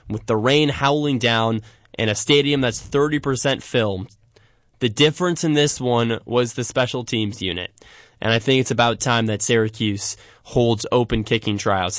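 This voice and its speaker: A man co-hosting a sports podcast, giving emphatic commentary and slowing down to land his points. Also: mid-range voice. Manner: emphatic, slows down for punchlines.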